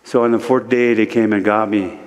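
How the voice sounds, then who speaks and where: A man's voice: lowish voice, steady tone, muffled recording. Man telling a vision story in a reverberant hall. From Standing Rock, United States. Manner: slow, measured storytelling in short phrases, voice rising sharply for quoted speech. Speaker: guest speaker, spiritual teacher. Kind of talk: spoken vision story at a worship service. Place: church sanctuary. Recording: long reverb of a large hall.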